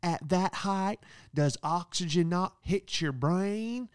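A man's voice: high voice, clean tone, no echo, studio quality, voice pushed up. A man putting on a sneering toothless hotel lady. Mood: mocking. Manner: sneering, drawn-out taunts. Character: rude, toothless woman hotel guest, mocking.

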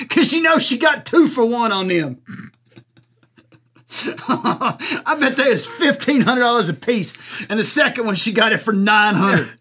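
A man puts on a crude redneck with a thick drawl, blunt and loud-mouthed, cackling at his own jokes. The voice sits very high and swings widely. It sounds bright and husky. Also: animated, a little slow, long pauses, heavily acted. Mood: crude ranting. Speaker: comic commentator persona. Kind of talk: improvised comedy character.

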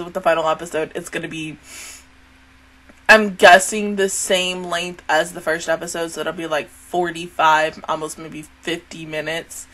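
A woman hosting a casual anime reaction review. She is excitable, swears a lot, and breaks into laughter and outbursts. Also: on the low side, poor audio.

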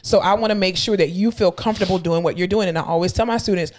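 A woman's voice: fairly low pitch, a little mellow, slight background noise. A woman in her thirties, a podcast co-host, telling blunt, profane workplace stories in casual chat. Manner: blunt, fast-talking storyteller, profane and emphatic. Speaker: podcast co-host and clinical instructor.

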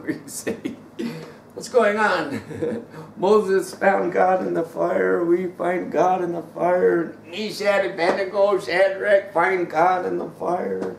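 A man preaching a sermon dramatically, swinging between loud outbursts and quiet asides and acting out biblical characters. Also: sits high, fairly even intonation, slow, vocal fry, slight background noise. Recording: roomy echo, distant mic.

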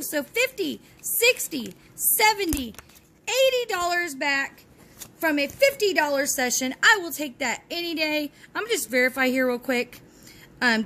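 High, expressive and pushed bright, this woman's voice moves at normal speed as she scratches lottery tickets at home with her dogs around. She's a Texas host of a scratch-off channel, casually chatting to viewers and chanting encouragement along the way.

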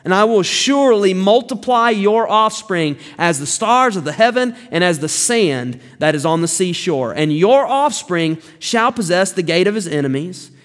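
A man's voice: high-pitched, animated, moderate pace, hardly any pauses, a bit bright. A man preaching a sermon, emphatic, repeating his key phrases for weight. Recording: long reverb of a large hall.

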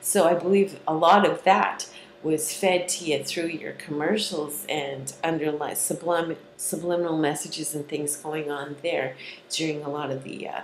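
A woman with a low voice talks earnestly as a spiritual healer, rambling and drifting in and out of soft half-whispers. Her voice rings a little in an echoey room, with a faint hum of ambience behind her. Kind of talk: casual spiritual vlog talk.

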